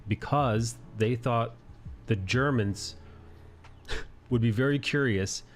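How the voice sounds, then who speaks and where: A man's voice: medium pitch, takes it slowly, soft background music. A man hosting a casual livestream chat, rambling, swearing freely and laughing often. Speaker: livestream host. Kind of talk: casual chat while drawing.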